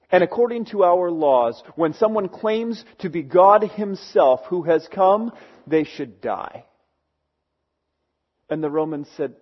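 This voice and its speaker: A man preaching, retelling a story in a casual, animated way and acting out the characters' voices. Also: high-pitched, takes it slowly, long pauses, muffled recording. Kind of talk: storytelling sermon.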